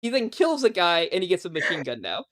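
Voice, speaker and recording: A man's voice: high-pitched, very animated, quick pace, a bit bright. A man hosting a casual podcast chat, rambling and sarcastic, swearing often. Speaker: podcast host.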